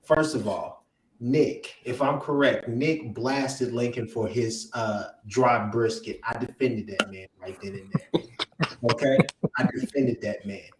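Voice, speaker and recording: A man's voice: mid-range voice, a little slow, a little hiss or hum. Distraught man venting, distant roomy sound. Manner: animated venting, swings from hushed to yelling. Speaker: fan show co-host. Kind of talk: emotional sports fan rant.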